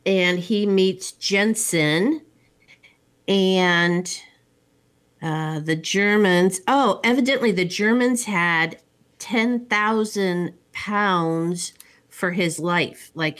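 A woman's voice: medium pitch, very slow, fairly bright tone. A woman host casually retelling a film plot, rambling with many ums and asides. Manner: rambling storyteller with many fillers. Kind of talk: casual movie recap.

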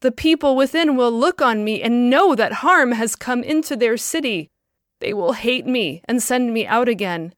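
A woman's voice: fairly high pitch, expressive, moderate pace, dry recording, studio quality, lightly acted. A woman voicing a scarred, weary woman who pleads in anguish, read in a storybook telling.

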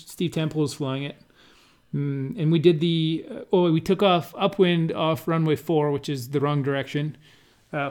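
A man casually recounting flights at an air race event, pausing and restarting often and laughing now and then. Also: fairly high pitch, darkish tone, clear, resonant tone. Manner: halting, many restarts and fillers, laughs while telling. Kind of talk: casual conversational recollection.

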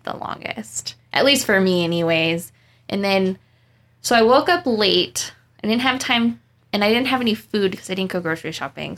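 A woman's voice: medium pitch, creaky, fairly bright tone. A young woman co-hosting a casual podcast, telling rambling, profane stories about her work week. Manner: profane, rambling storytelling with laughs. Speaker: podcast co-host, dog groomer. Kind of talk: casual chat.

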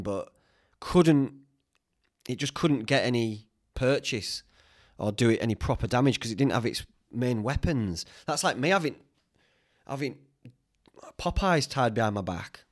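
A man's voice: mid-range voice, lively intonation, moderate pace, no room sound. Male podcast host, casual rambling chat, self-deprecating, mid voice, dry studio sound. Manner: chatty, self-mocking, swears freely.

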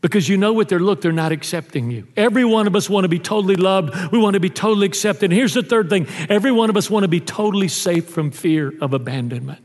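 A male pastor preaching a sermon in a church, telling stories and dropping low and soft on tender lines. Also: expressive, fast talker, hardly any pauses. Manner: storytelling, drops low and soft on intimate lines. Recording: long reverb of a church hall.

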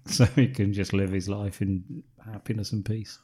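A man co-hosting a podcast, casual and playful, quick to joke and tease. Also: on the low side, fairly even intonation, a little mellow, breathy edge. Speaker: podcast co-host. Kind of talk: casual comedic chat.

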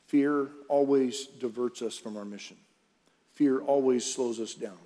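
A man's voice: medium pitch, unhurried, mellow. A man preaching a conversational sermon to his congregation in a church service, mixing scripture reading with jokes. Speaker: pastor. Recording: long church-hall reverb.

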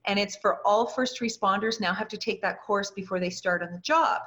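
In a dull lo-fi recording, a woman guest in an interview earnestly recounts a personal story, imitating the voices of people she quotes. Her mid-range voice is brisk and a bit bright.

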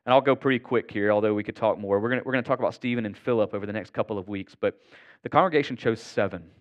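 A man's voice: fairly low pitch, rapid-fire, highs cut off. A man preaching a sermon to his congregation in an earnest, conversational way. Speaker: pastor.

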